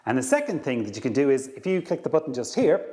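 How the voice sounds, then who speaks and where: A man speaking straight to camera in a mid-range voice, coaching his audience through a story about his work. He brings the tale to life by acting out what people said, then slows right down to drive a point home. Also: medium pitch. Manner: lively storyteller, acts out dialogue. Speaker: career coach.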